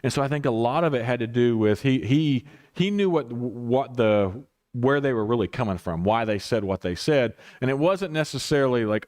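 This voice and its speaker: A man's voice: medium pitch, animated, moderate pace, darkish tone. A man leading a casual Bible study as pastor, rambling and correcting himself with chuckling asides.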